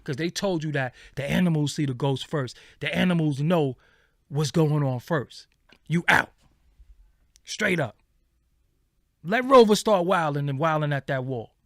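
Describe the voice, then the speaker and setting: A man hosting a livestream, ranting casually in animated, profane street slang. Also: on the high side, a little slow, pauses often, no echo, clean studio sound. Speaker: livestream host.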